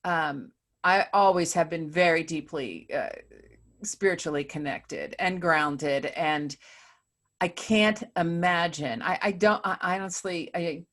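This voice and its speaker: Halting, thoughtful woman host, deep voice. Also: fairly bright tone. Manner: searching, halting, many restarts when asking. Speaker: podcast host. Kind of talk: conversational interview.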